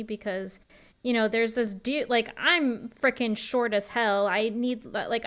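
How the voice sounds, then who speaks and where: Slow-talking woman chatting on a podcast. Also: on the high side. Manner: chatty, frequent fillers. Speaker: podcast host. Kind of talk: casual podcast chat.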